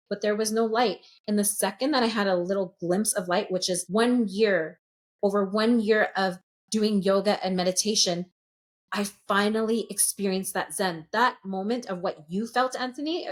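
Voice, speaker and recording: Candid, profane woman in her late 30s. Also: medium pitch. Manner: earnest, swears freely, emotionally open. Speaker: sound healer, podcast guest. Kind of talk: candid podcast conversation.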